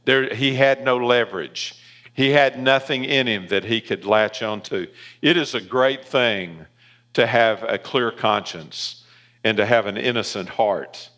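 Southern man, pastor, emphatic sermon, clear bright tone, church setting. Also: mid-range voice, unhurried. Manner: emphatic preaching, voice rising on key points.

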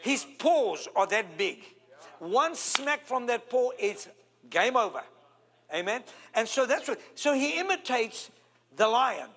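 A South African man preaching with a strikingly high voice. He talks in an animated way, drawing out key words and pausing to call for amens. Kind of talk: sermon.

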